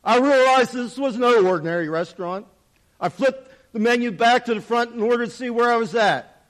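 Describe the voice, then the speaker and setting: A man with a fairly high voice tells a first-person parable earnestly. His delivery is dramatic, swelling and dropping in loudness as he speaks. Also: moderate pace. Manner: earnest, dramatic storytelling with wide swings in volume. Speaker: storyteller.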